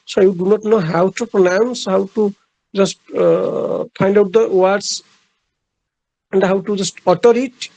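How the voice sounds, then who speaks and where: A man lecturing on literature in a high voice with a gravelly edge. He speaks haltingly, often repeating a phrase and filling pauses with "uh." The sound is dry, with no room echo. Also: fairly even intonation, mellow.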